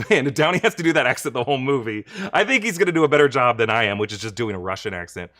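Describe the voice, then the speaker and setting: Young male host, casual livestream Q&A, chatty and bright. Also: mid-range voice, very animated, rapid-fire, hardly any pauses. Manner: chatty, reads viewer questions, thanks donors. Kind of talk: live-stream reaction Q&A.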